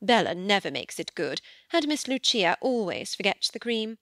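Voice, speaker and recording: A woman voicing an older, fussy and doting mother in an audiobook, with a high, gushing manner. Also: big pitch swings, normal speed, a bit bright, no echo, clean studio sound. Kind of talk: audiobook character voice.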